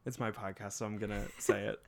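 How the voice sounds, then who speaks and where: A man's voice: fairly low pitch, level tone, fast, vocal fry, crowd noise. Man, podcast host, joking casual movie chat. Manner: joking, teasing.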